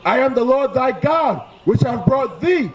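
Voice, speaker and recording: Very high-voiced man reading scripture slowly. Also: lively intonation, dull audio. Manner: slow, measured, declaiming. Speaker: scripture reader. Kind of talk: reading Bible verses aloud.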